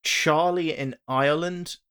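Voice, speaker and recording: A man's voice: a little high, fairly even intonation, measured pace, fairly bright tone, clean tone. A man co-hosting a podcast, recounting scenes in a rambling, chatty way. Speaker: podcast co-host. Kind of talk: casual chat.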